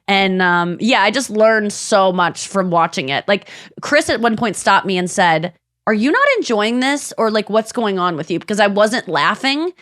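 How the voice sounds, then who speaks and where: A woman hosting a podcast in a casual chat, animated, slipping into exaggerated voices for quotes and laughing as she talks. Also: medium pitch, no echo, clean studio sound. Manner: frequent restarts and laughter while talking. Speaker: podcast host.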